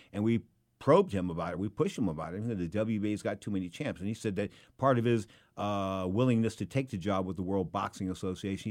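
Fast-talking, rambling boxing host, man. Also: medium pitch. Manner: rambling, animated, with many restarts and asides. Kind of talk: casual talk show monologue.

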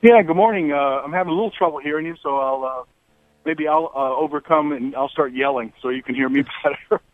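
A middle-aged man talking as a guest on a radio show over the phone, relaxed, with many fillers and restarts. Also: fairly high pitch, fairly quick, no echo. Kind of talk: phone interview. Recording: tinny phone line.

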